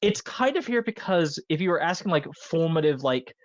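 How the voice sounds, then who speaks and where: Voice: medium pitch, animated, normal speed, no echo. A podcast co-host in a casual film discussion, talking with enthusiasm and rambling with many fillers. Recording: dull lo-fi dry recording.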